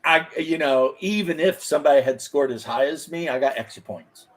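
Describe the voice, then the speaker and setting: Husky man telling profane stories. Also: fairly high pitch, normal speed. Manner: profane, rambling anecdotes. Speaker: podcast host, former firefighter. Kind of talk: casual storytelling chat.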